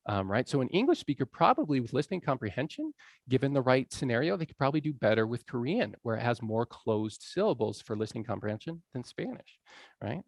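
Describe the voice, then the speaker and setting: A man's voice: medium pitch, big pitch swings, fast talker, dry recording, clean studio sound. A man lecturing on language learning in a conversational way, often checking in with his audience. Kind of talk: public lecture. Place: college lecture room.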